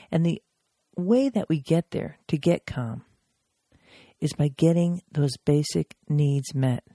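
A woman crisis intervention trainer giving an instructional podcast talk, emphatic and animated when she acts out examples. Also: deep voice, takes it slowly, no echo, studio quality.

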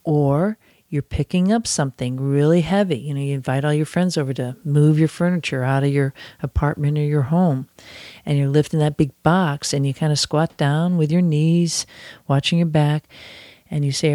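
Guy talking from his office, warm low-key tone, kinda chatty and jokes at himself. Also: steady tone, normal speed, no echo. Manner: chatty and self-mocking, demonstrates chants aloud. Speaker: author and instructor. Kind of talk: casual spoken lesson.

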